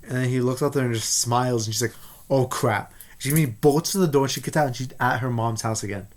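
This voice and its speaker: A man giving a casual spoiler review of a movie, rambling and excitable with many restarts. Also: mid-range voice, rapid-fire.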